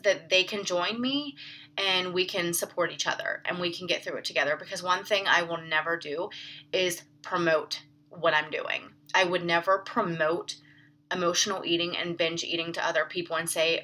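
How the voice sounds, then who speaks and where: Young woman fitness coach, lowish pitch, bright tone, earnest and self-critical vlog delivery. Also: low-quality recording. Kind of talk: personal confessional vlog.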